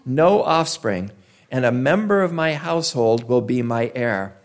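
A man's voice: fairly high pitch, normal speed, close to an everyday voice. A man preaching and acting out a petulant aging man who complains to God in an accusing tone.

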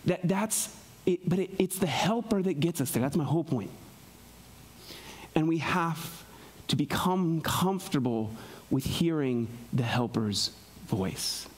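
With frequent check-ins of "right?", a pastor delivers his sermon in a conversational manner. Soft, low asides give way to raised, emphatic passages and back again.

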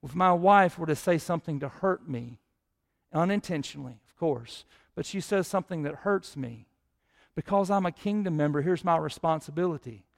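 A man preaching a sermon as pastor, his voice swelling louder and higher when he prays. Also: normal speed, vocal fry.

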